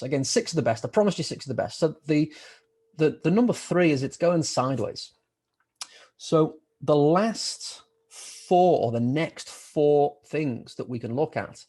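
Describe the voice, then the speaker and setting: A man's voice: fairly high pitch, a little mellow, husky. Chatty man teaching trading live. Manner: chatty, repeats words, many fillers. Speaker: trading educator. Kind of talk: live online trading lesson.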